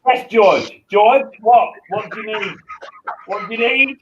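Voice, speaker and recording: Male co-host, raised pitch, playful taunting, dull lo-fi sound. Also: unhurried, very noisy. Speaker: stream co-host. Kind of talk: casual banter.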